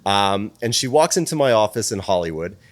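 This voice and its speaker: A man who is a guest on a podcast, telling stories in a casual, animated way, swearing freely and acting out the dialogue. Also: on the low side, a little fast. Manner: animated, profane, plays out dialogue. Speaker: podcast guest, PR firm president. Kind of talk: casual storytelling.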